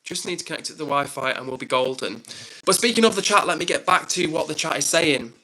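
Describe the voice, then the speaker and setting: Bright-voiced rambling English streamer man. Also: on the high side, fast, rough recording. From England. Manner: rambling, filler-heavy, upbeat. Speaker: live streamer host. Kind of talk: casual live-stream chat, reading viewer comments.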